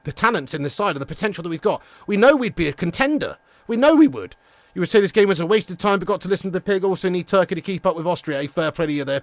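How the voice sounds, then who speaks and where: A man hosting a live watch-along stream, ranting loudly and bluntly with lots of swearing and chatting with viewers. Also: sits high, creaky, no room sound. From England. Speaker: livestream watch-along host.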